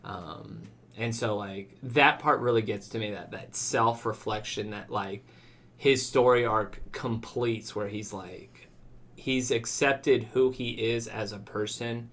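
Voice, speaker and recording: A man's voice: on the low side, slow, fairly bright tone. A man co-hosting a casual podcast chat, talking in a rambling way with lots of "like" fillers. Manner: rambling, many "like" fillers, acts out quoted lines. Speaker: podcast co-host.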